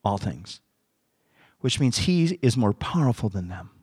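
A man's voice: on the low side, measured pace, husky, no echo. Dry, close preacher man telling a story. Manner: animated storyteller acting out dialogue. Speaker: pastor. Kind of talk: sermon storytelling.

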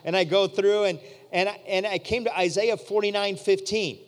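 Male preacher, high pitch, lively storyteller who voices his characters, long reverb of a big hall. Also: normal speed. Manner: animated, acts out quoted voices. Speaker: pastor. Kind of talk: storytelling sermon.

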